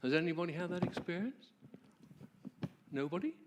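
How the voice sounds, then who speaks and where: A man presenting at a church, telling a personal story in a warm, conversational way and asking the audience questions. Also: a little high, sing-song, normal speed, noisy background. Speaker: marriage ministry presenter.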